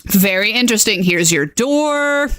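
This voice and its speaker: A woman's voice: mid-range voice, a little slow, clean tone, dry recording, clean studio sound. Chatty woman streaming a tabletop map tutorial. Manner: chatty, keeps tagging lines with "okay?"; excitable, reacts aloud while clicking. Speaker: streamer and game master. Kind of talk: casual live-stream tutorial.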